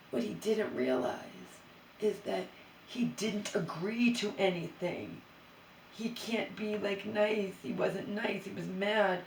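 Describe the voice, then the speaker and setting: A woman's voice: mid-range voice, slow pace, long pauses, far from the mic, slight background noise. A woman vlogger in a rambling, exasperated monologue to camera, recorded in an empty bedroom in her new home. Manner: rambling, exasperated venting with restarts. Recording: roomy echo, voice away from the mic.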